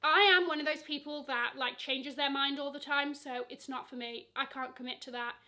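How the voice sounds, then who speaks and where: Young woman, high voice, chatty, playful asides, casual vlog. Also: fairly even intonation, moderate pace, sharp tone. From Nigeria. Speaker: luxury vlogger.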